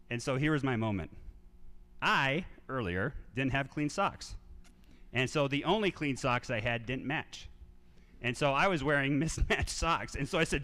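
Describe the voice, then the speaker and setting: Animated man telling stories in a theater. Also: medium pitch, normal speed. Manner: animated anecdotes, acts out quoted voices. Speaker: speaker at a civic event. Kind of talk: storytelling talk to a live audience. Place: theater stage. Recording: reverberant theater sound.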